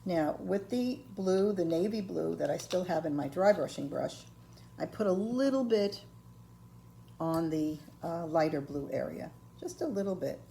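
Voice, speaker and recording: Gravelly, low-voiced older woman teaching crafts. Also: animated, measured pace, warm tone, slight background noise. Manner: patient, folksy, with frequent ums and okays. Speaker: ceramics painting instructor. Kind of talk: step-by-step craft tutorial.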